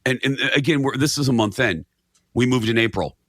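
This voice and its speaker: A man's voice: mid-range voice, fairly quick, fairly bright tone, no room sound, clean studio sound. A man telling a story in casual chat as a guest, acting out his own reactions. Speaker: guest, radio and TV host.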